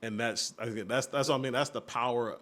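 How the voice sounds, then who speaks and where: A young man chatting on a podcast, telling stories about his family and slipping into the voices of the people in them. His pitch sits in the middle for a man. He talks loosely and casually. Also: brisk. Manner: storytelling, animated retellings of family moments. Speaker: podcast co-host. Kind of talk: casual chat.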